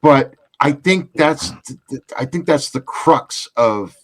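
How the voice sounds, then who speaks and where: A man hosting a casual chat, telling a gig story in an animated way. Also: medium pitch, slow. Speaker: podcast host.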